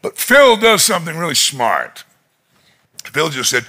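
Animated, bright-voiced male preacher. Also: on the high side, a little slow, husky. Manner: dramatic retelling with voiced quotes; shouts in climactic moments. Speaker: pastor. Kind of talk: sermon. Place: conference hall.

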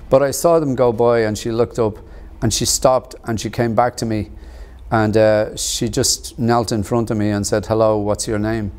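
A middle-aged man, telling his life story in an interview, measured and earnest, with pauses and fillers. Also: medium pitch, a little mellow, clear, resonant tone. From Ireland. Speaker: actor and author interviewed about his book. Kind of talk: reflective personal storytelling.

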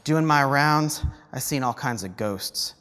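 A man's voice: mid-range voice, measured pace, bright, forceful tone, big-room sound. A man reading the lines of a feverish young cowboy son in a plain, slightly raised voice. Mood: restless.

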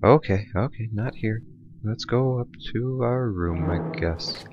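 A man's voice: lowish voice, unhurried, a little mellow, muffled recording, slight background noise. A man giving offhand, mumbling commentary while playing a video game. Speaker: let's play gamer. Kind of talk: casual gameplay commentary.

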